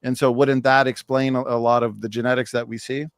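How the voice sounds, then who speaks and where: A man's voice: mid-range voice, little pitch movement, fairly quick, clear, resonant tone, no echo, studio quality. A man hosting a live seminar, posing questions to his guest and passing along comments from the chat. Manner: poses questions, relays viewer chat. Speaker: host.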